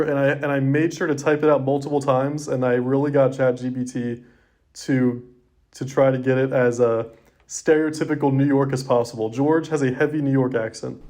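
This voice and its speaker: This young co-host has a medium-pitched, darkish voice and rambles through a casual podcast conversation, leaning heavily on "like."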